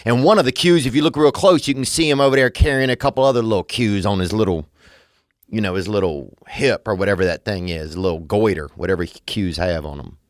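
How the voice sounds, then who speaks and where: A man's voice: on the low side, a little fast, no echo, clean studio sound. A man hosting a podcast, rambling through a comedic monologue full of absurd wordplay and meandering asides. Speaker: podcast host.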